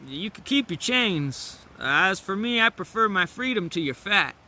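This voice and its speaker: Hungry wild wolf, easygoing and slangy, bright high voice, put on by a man telling a fable. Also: very animated, unhurried, exaggerated voice. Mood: casual. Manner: laid-back, slangy drawl. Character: hungry wild male wolf, free-spirited.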